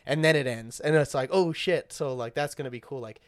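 Smooth, dry-voiced young man chatting casually. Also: medium pitch, fast, no echo. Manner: swears a lot, says "like" and "dude" often. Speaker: podcast co-host. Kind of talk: casual chat.

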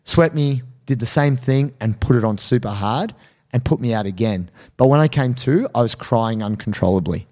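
Animated man telling a gym story. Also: normal speed. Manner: animated, acts out quotes in high voices. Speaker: podcast co-host. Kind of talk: casual storytelling chat.

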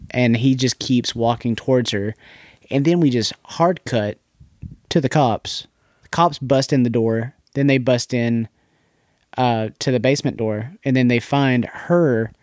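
A man's voice: medium pitch, a little mellow, dry recording, studio quality. A man co-hosting a podcast, recapping a film in casual chat, repeating words as he goes. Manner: rambling, repeats words, recaps plot scenes. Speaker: podcast co-host.

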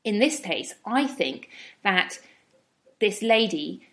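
Thoughtful woman teaching calm reflection. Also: mid-range voice, takes it slowly. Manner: thoughtful, with acted inner-voice asides. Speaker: wellbeing speaker.

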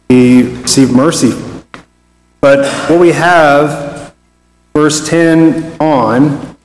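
Man preaching in a reverberant hall. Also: medium pitch. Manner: conversational, restarts phrases, reads scripture aloud. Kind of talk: Bible study sermon. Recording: roomy with long reverb.

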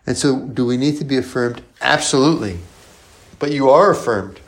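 A man's voice: mid-range voice, moderate pace. A male priest preaching in a conversational style, often asking rhetorical questions and adding "right?". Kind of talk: sermon.

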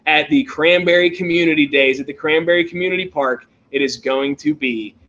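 A man with a high, bright voice chats casually about his show. He tells stories in an excitable, animated way and laughs easily. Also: fairly quick. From Pennsylvania, USA. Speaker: toy-hunting show host. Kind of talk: casual chat.

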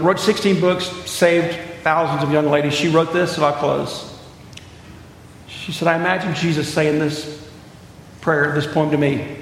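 A man preaching, his slightly raised voice carried in short storytelling phrases that drop low and quiet for tension. The sound rings through a big reverberant church hall. A faint hum of room ambience sits underneath. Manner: dramatic storyteller, drops quiet for tense moments, lifts to fervent high pitch. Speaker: pastor. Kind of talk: sermon with storytelling and closing prayer.

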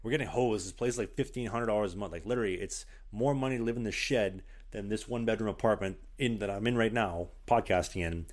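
Low-voiced man telling a story on a podcast. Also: quick pace, hardly any pauses. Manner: animated, lots of "like" fillers, acts out quotes. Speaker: podcast host, hockey goalie. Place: one-bedroom apartment.

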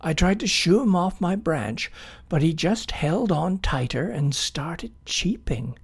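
A man's voice: on the high side, animated, slow, vocal fry, husky, voice pushed up, exaggerated voice. A man voicing a grumpy, territorial male tree frog in a storybook, grumbling and impatient. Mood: defensive.

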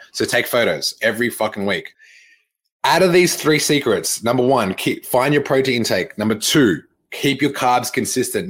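A young fitness coach speaks on a live-streamed podcast in a lowish voice with a fairly bright tone. He's blunt and direct, swearing, repeating his points, and filling the gaps with lots of "like" and "okay" in a casual delivery.

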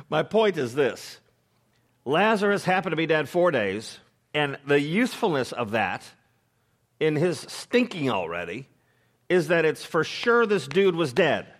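A man's voice: a little high, sing-song, measured pace, long pauses. Male pastor, casual sermon delivery, humorous, lots of ums and restarts. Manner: informal, joking asides, frequent fillers and restarts. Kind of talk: conversational sermon.

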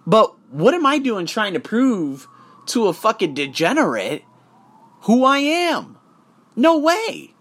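A man's voice: sits high, huge pitch swings, slow, fairly bright tone. A man coaching for English tests, talking in a casual vlog monologue, profane and emphatic as he tells his story.

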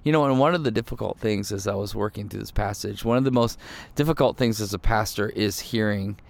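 A man's voice: fairly low pitch, brisk, vocal fry. A male pastor giving a casual, conversational sermon, self-deprecating and full of fillers and restarts.

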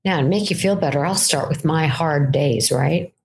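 Animated older woman coach. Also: low-pitched, moderate pace, creaky, slight background noise. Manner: conversational, animated, keeps asking "right?". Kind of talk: solo mindset talk.

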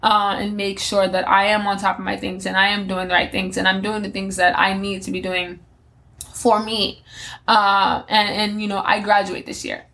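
A woman's voice: mid-range voice, flat delivery, moderate pace, vocal fry, bright, forceful tone. A woman in her twenties hosting a solo podcast, talking candidly and rambling through her plans, with many fillers and restarts. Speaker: podcast host. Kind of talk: solo reflective podcast monologue.

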